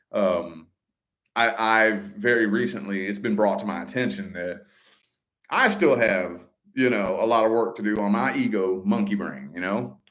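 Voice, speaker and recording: A middle-aged man telling a story to his viewers in a casual vlog, swearing freely and getting animated when he quotes other people. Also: lowish voice. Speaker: vlogger.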